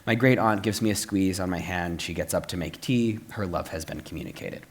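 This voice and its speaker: A young man telling a personal story at a live book talk, lively with playful asides and frequent "um" fillers, turning soft and earnest at the close. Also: low-pitched, a little fast. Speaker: author and speaker. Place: stage at a live public talk.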